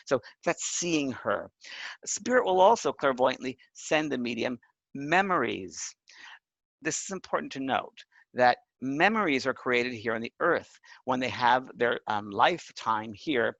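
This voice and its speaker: A man's voice: medium pitch, lively intonation, moderate pace, vocal fry, a bit bright, no room sound, low-quality recording. A man teaching a course on mediumship, talking earnestly and emphatically and checking in with his listeners. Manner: earnest, emphatic, often asks the listener "right?". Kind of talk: spoken lesson.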